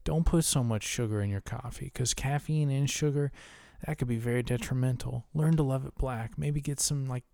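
A man's voice: mid-range voice, moderate pace, vocal fry, hardly any pauses, darkish tone, dry recording, studio quality. A man co-hosting a casual podcast, ranting with heavy profanity. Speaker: podcast co-host.

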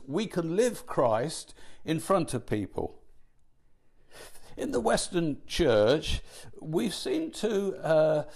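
A man's voice: a little high, creaky, darkish tone. Earnest man teaching scripture. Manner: measured, earnest, pauses to restate. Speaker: Bible teacher. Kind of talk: teaching sermon.

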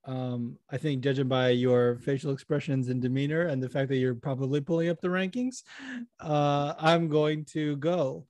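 A man's voice: medium pitch, steady tone, moderate pace, a little mellow, dry recording. Male podcast co-host, loose and swearing, laughs a lot; dry close sound. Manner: profane, giggly, acts out voices in stories. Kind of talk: casual stoned chat.

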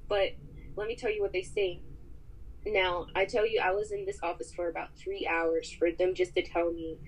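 Husky woman retelling a story. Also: mid-range voice, measured pace, poor audio. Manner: rambling, filler-heavy, animated retelling. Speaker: podcast guest. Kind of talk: casual storytelling.

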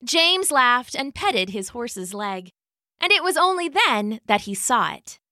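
A woman narrates a children's story in a soft, expressive, unhurried way. Her voice sits a little high and sounds bright and clear. The recording is dry and close, with no room around it. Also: no echo. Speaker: storyteller host.

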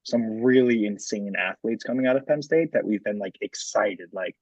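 A man with a husky, slightly rough voice talks sports in a loose, rambling way, dotted with "um" and "like." The sound is dry and a little dull, like a lo-fi home podcast setup. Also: on the low side, expressive, normal speed, darkish tone, no room sound. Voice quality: frequent filler words and restarts. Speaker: podcast co-host. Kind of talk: casual sports chat.

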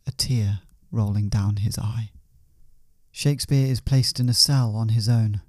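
A man narrating a comic story in a deadpan, matter-of-fact way. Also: mid-range voice, no room sound, clean studio sound.

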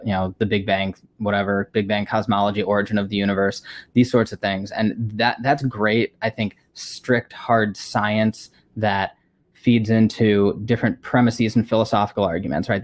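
A man with a low voice answering questions over a video call from a room lined with books. He speaks thoughtfully and casually, often starting with "well, I mean". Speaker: guest, Christian apologist. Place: home room with a bookshelf behind.

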